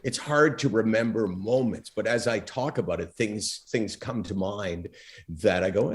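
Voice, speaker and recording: A middle-aged man, a former talk show host, telling stories as a podcast guest and acting out the dialogue he quotes. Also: moderate pace. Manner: animated storyteller, acts out quoted dialogue with big pitch swings. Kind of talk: storytelling interview talk.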